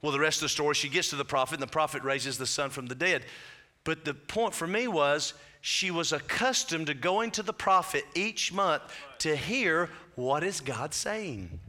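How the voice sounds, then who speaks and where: High, bright-voiced male preacher. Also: moderate pace. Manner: storytelling preacher, conversational asides. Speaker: pastor. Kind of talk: sermon.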